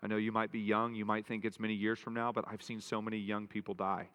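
A man's voice: on the low side, flat delivery, quick pace, muffled recording. Man preaching in a reverberant hall. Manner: earnest, emphatic preaching with repeated phrases. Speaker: pastor. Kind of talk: sermon.

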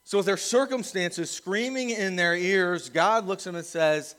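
Middle-aged male pastor, slightly high voice, conversational sermon delivery, acts out quoted lines. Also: moderate pace, few pauses, a bit bright, in a large hall.

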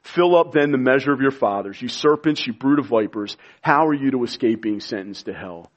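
A man preaching a sermon to a congregation, impassioned and pleading, sometimes dropping to a hushed voice. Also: medium pitch, animated, brisk, dull audio. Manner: impassioned, pleading preaching with sudden quiet drops. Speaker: pastor.

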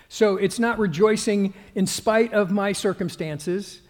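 A male pastor giving a conversational sermon, halting with fillers and restarts and growing more emphatic as he goes. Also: high-pitched, long reverb tail.

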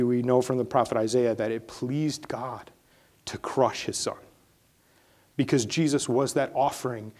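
A man delivers a church sermon in a middle-pitched voice. He drops to hushed, prayerful tones, then builds to loud, emphatic peaks. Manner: swings from hushed prayerful lines to rising, emphatic preaching. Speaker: pastor.

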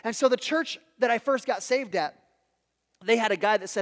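A man's voice: high voice, moderate pace, fairly bright tone, big-room sound. A man preaching as a pastor, casual and conversational, telling self-deprecating stories with frequent restarts. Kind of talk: sermon.

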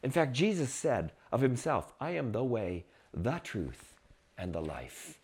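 A man preaching a sermon, reading scripture and acting out the crowd's shouts with dramatic swings. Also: medium pitch, big pitch swings, measured pace, husky. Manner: reads scripture aloud. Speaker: pastor.

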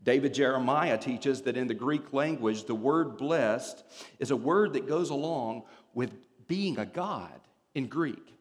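A man preaching a sermon in a church, telling stories with humor and explaining scripture in an animated way. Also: medium pitch, measured pace, in a large hall.

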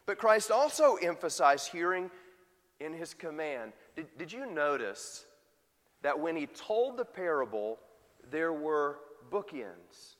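A man's voice: a little high, big pitch swings, slow pace, a bit bright, long reverb tail. A man preaching a sermon and putting rhetorical questions to his congregation. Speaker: pastor.

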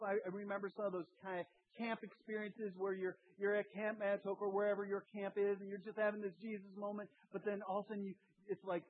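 Husky-voiced pastor preaching, phone-like sound. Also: male voice, high-pitched. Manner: animated, acts out voices of people in the story. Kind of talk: sermon.

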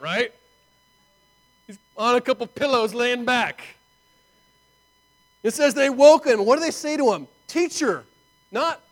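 A man preaching a sermon in an animated, conversational way, full of rhetorical asides to his listeners. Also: very high-pitched, rough recording. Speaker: pastor.

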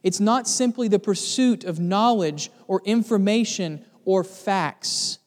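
A man's voice: high-pitched, slow pace, darkish tone, big-room sound. A man preaching a sermon as pastor, earnest and building to emphatic lists of words.

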